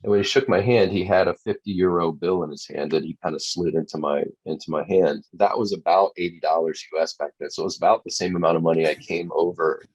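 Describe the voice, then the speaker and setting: A man's voice: sits low, steady tone, quick pace, few pauses, a little mellow, slightly rough. A man telling a personal story as a talk show guest, earnest, often restarting his phrases. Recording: dull lo-fi sound.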